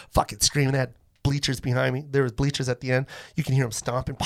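A man's voice: on the high side, fast, clean tone. A man telling a long comedy story in casual podcast chat, swearing and acting out the people in it. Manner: animated, swears a lot, acts out other people's voices. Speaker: guest comedian.

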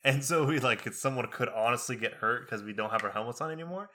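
Bright-voiced young man telling stories. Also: medium pitch, quick pace. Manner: animated, acts out quotes in raised voices. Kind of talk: casual storytelling chat.

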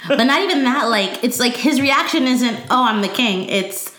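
A woman in casual chat, eagerly retelling a TV episode and acting out the characters in quick quotes. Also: fairly high pitch. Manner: animated, acts out characters with quick "he's like" quotes. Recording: roomy echo.

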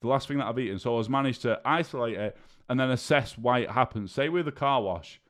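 A man's voice: medium pitch, quick pace, a bit bright. A man hosting a solo podcast as a diabetes coach, talking bluntly and casually and swearing freely.

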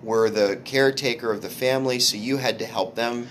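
A man hosting a casual podcast chat, telling stories haltingly with restarts and swearing. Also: mid-range voice, steady tone, a bit bright, slight background noise. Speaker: podcast host, comedian.

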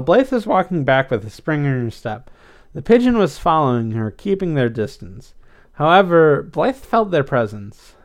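A man narrating a story aloud in an expressive, lively way. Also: medium pitch. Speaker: story reader.

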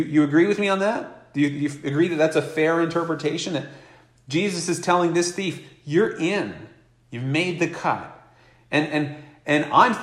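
A man's voice: on the high side, roomy sound. A man preaching a sermon in a conversational way, reading scripture aloud and acting out the people in it. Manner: conversational, acts out quoted voices.

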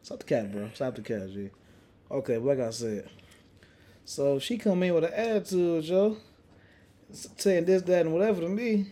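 A man's voice: a little high, moderate pace, long pauses. Profane, rambling young man storyteller. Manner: profane, animated storytelling with lots of restarts. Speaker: podcast host. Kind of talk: casual chat.

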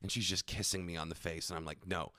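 A man's voice: deep voice, quick pace, no echo, studio quality. A young man co-hosting a podcast, telling a long anecdote in casual, profane chat. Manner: profane, animated anecdote teller. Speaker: podcast co-host.

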